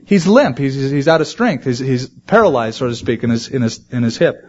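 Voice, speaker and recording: A man preaching a sermon to his congregation, animated and acting out quoted voices. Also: medium pitch, moderate pace, lo-fi sound. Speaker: pastor.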